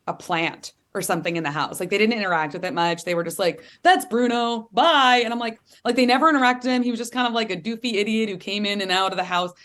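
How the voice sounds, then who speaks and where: A woman in her thirties, an author talking candidly as an interview guest, animated and chatty, full of "like"s. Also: medium pitch. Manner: animated, chatty, many "like"s, playful voice impressions.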